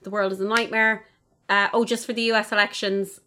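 A woman's voice: medium pitch, little pitch movement, fairly quick, pushed and bright, a little hiss or hum. A young woman co-hosting a podcast in casual chat, blunt and sweary, laughing easily. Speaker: podcast co-host.

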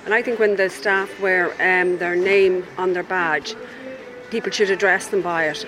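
High-voiced man on the street. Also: fairly even intonation, moderate pace, sharp tone, faint music behind, poor audio. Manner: chatty and opinionated. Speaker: passer-by. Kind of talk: street vox pop.

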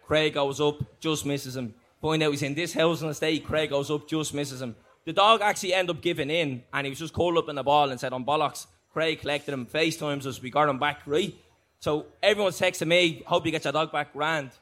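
A man hosting a live podcast show, telling an anecdote in a chatty, quick-fire way. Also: fairly high pitch, fairly even intonation, a bit bright. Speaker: podcast host. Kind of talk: live comic storytelling. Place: live festival stage.

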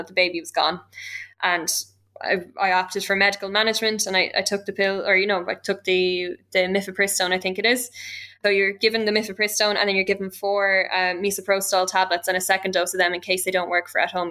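A woman's voice: mid-range voice, bright, forceful tone. A young Irish woman giving a candid, emotional personal account.

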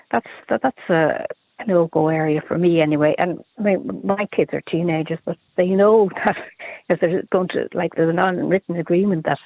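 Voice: mid-range voice, gravelly, dry recording. A parent calling into a radio show, speaking hesitantly with many restarts. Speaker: caller. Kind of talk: phone-in chat. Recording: tinny phone line.

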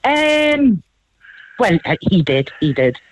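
A woman's voice: medium pitch, big pitch swings, slow pace, a little hiss or hum, poor audio. An older woman, chatting and laughing as a radio guest. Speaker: guest, wife. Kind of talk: casual chat.

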